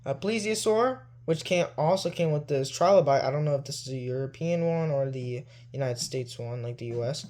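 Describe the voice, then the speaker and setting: A man's voice: fairly high pitch, a little fast, few pauses, darkish tone. A man showing off his toy collection in a loose, rambling way, with plenty of "like" and "you know". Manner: loose and easygoing. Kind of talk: casual show-and-tell.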